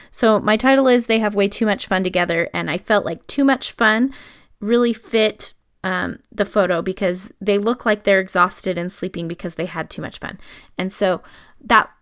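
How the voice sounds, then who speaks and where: A woman's voice: medium pitch, fairly bright tone. An adult woman chatting through a casual scrapbooking voice-over, explaining each step as she works. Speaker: scrapbooking video host.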